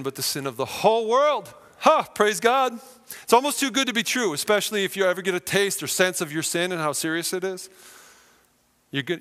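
A male pastor preaching with animated, vivid storytelling, swinging his voice up and down. His voice sits somewhat high for a man, and a long hall reverb rings behind it. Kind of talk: sermon.

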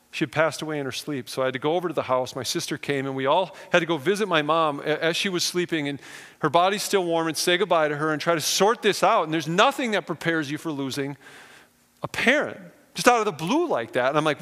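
A man's voice: a little high, lively intonation, fairly quick, fairly bright tone. A man, a pastor, preaching a sermon and telling personal stories in an earnest manner. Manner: earnest, personal storytelling with rising emphasis. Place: church sanctuary. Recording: long reverb of a church hall.

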